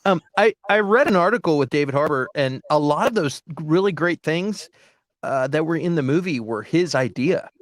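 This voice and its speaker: Male co-host, high and very lively voice, dry and close, animated storyteller in casual chat. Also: normal speed, no room sound. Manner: animated storyteller, acts out quotes.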